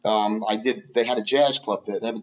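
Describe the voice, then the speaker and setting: A man who is a comedian guest, telling stories in a casual interview, halting and restarting often. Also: lowish voice, fairly even intonation, low-quality recording. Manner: halting, many restarts and fillers.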